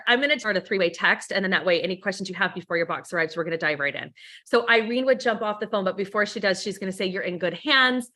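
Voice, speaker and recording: Bright-voiced woman coaching a sales team. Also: medium pitch, fast talker. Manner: upbeat, coaching, acts out sample phone calls. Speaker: team leader and trainer. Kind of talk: sales training on a video call. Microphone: video call.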